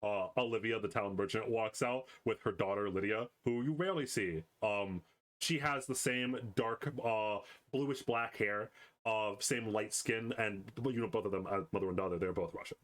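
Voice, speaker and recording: A man's voice: fairly low pitch, moderate pace, fairly bright tone. A man narrating a tabletop game as game master in a casual, rambling way with many fillers.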